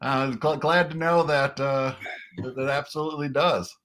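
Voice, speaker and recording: Male livestream guest, bright and slightly high, halting and chatty. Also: steady tone. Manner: chatty, halting, repeats himself. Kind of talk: casual chat.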